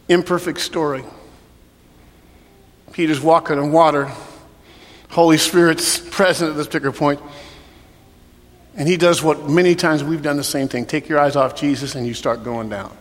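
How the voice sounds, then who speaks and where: A man preaching as a pastor, rising to shouts and dropping to a hushed prayer over an altar call. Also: fairly high pitch, steady tone, measured pace, long pauses. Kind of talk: sermon. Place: church hall. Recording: long hall reverb, soft music behind.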